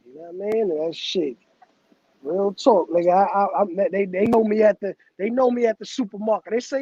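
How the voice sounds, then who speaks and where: Host, male, very high pitch, loose profane banter, dull dry recording. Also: steady tone, brisk, warm tone, dry recording. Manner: loose, profane street talk, laughs often. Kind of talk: casual chat.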